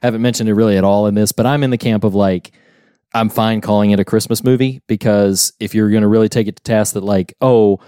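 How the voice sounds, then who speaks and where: A man co-hosting a casual movie podcast, animated, laughing often and acting out quotes. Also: on the low side, fast, smooth, dry recording, clean studio sound. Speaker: podcast co-host. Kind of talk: casual movie review chat.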